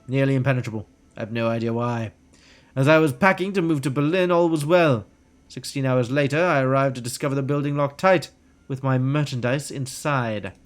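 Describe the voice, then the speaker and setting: A man's voice: mid-range voice, natural voice. A man reading the lines of a pompous, disgraced male elf doctor aloud from a game, in a haughty, melodramatic manner.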